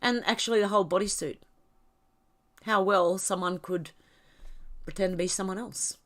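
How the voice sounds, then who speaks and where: A woman's voice: medium pitch, moderate pace, fairly bright tone. A woman with an Australian accent hosting a casual livestream, reading out viewer comments and chatting in a rambling way, her nose stuffed up from a cold. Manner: chatty, rambling, laughs often.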